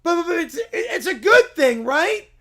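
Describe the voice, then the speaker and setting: A goofy young joker who will not stop yelling corn puns. The voice sits high and strained, with a gravelly rasp, and it rushes up to a shout on every punchline. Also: male voice, sing-song, exaggerated voice. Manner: shouts the same pun catchphrase again and again. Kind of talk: comedic read-aloud of a viewer prompt.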